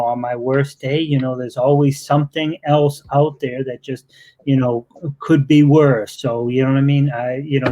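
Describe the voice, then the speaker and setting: A man's voice: mid-range voice, warm tone, highs cut off, a little hiss or hum. A man with a Boston accent hosting a live-stream interview, effusive and joking, with lots of fillers. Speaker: interviewer and show host.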